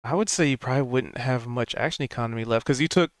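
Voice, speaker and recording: A man running a tabletop game as game master. His voice is smooth and clear, recorded close and dry, and he explains rules in a relaxed way with plenty of fillers. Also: medium pitch, fast talker, no echo.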